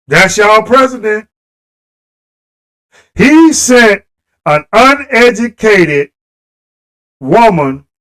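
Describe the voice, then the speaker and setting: Fired-up high-voiced man ranting on a livestream. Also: sharp tone, low-quality recording. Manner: impassioned, talks straight to viewers. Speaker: live stream host. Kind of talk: livestream political rant.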